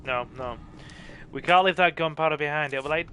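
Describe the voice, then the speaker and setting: A man's voice: on the high side, brisk, bright, forceful tone, a little hiss or hum. A tired man hosting a let's play, giving chatty, joking gameplay commentary. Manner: joking, chatty, self-deprecating. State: tired, yawning.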